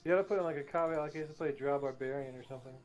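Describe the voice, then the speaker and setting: A man's voice: a little high, racing, a little mellow. A man teasing his streamer friend in casual banter.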